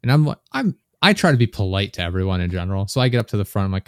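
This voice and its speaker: A man's voice: fairly low pitch, very animated, very fast, hardly any pauses, clean tone, dry recording. A young man, a podcast guest, chatting casually and telling rambling anecdotes with chuckles.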